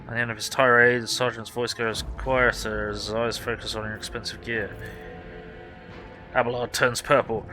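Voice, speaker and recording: A man's voice: mid-range voice, level tone, normal speed, pushed and bright, soft background music, low-quality recording. A man playing through a role-playing game, reading the story text aloud and swearing at times.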